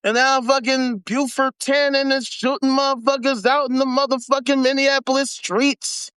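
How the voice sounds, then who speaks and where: With a very high, clean-toned voice at a moderate pace, a US man hosts a live stream. He rants casually and animatedly, swearing heavily, using plenty of slang and repeating himself to drive points home.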